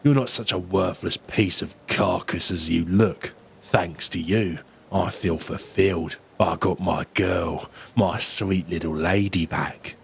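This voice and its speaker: A man voicing a crude, threatening male wolfman in a game, speaking slowly with a gruff growl. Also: low voice, steady tone, pitched below the performer's own voice, full character voice. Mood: menacing.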